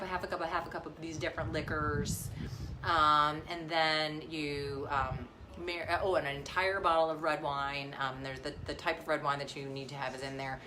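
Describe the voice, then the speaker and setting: A woman in her thirties, a mom and vlogger, chats on a casual phone live stream outdoors near the beach. Her low-pitched voice sounds pushed and bright over slight background noise, and she rambles with many fillers and restarts.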